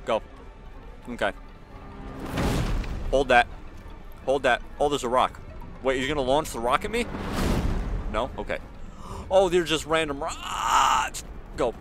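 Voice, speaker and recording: Male let's-play host, middle pitch, game music underneath; easily spooked and chatty. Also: unhurried, long pauses. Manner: jumpy, talks to the screen, frequent frightened yelps; casual slang, says "bro" and "y'all". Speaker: gaming channel host.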